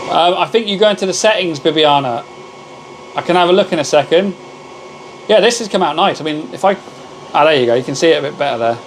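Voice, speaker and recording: A man's voice: fairly high pitch, lively intonation, fast talker, slight background noise, low-quality recording. A man hosting a casual live stream from his workshop, chatting with viewers and greeting them as mate. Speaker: livestream host. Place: home workshop with laser machines.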